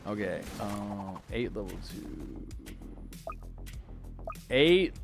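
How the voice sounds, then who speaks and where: A man's voice: on the low side, sing-song, drawn-out words, creaky, over loud music. A man from Texas streaming a game, chatting casually and answering viewer questions with plenty of fillers and restarts. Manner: rambling, answers chat questions with many fillers. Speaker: gaming livestreamer. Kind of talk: casual livestream chat while gaming.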